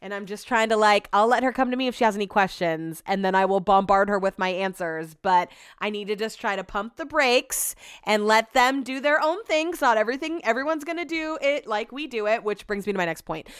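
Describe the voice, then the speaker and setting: A woman's voice: mid-range voice, brisk, clean tone, dry recording, clean studio sound. A young adult woman hosting a podcast, telling rambling, self-deprecating stories with many asides. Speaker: podcast host. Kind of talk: casual chat.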